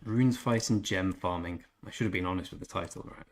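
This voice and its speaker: A man's voice: low voice, fairly quick. A young man giving casual, jokey commentary while live-streaming a strategy game and chatting with viewers. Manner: chatty, jokey, reads out chat messages. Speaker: gaming streamer.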